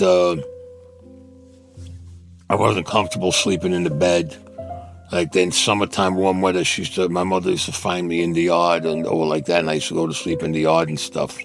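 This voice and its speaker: A man, telling his war stories bluntly in an interview and acting out the dialogue. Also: deep voice. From Brooklyn, New York. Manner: gruff, blunt street talk, acts out dialogue. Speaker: interviewee, Vietnam veteran. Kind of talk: storytelling interview.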